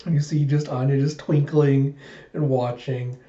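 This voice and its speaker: A man casually recapping a manga chapter, animated and chatty. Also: mid-range voice, normal speed. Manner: animated retelling, many "he's like". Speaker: manga reviewer. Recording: dull echoey room.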